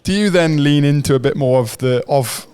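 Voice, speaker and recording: A man hosting a podcast who asks long, relaxed questions in a casual interview. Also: a little high, normal speed, clean tone. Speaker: podcast host.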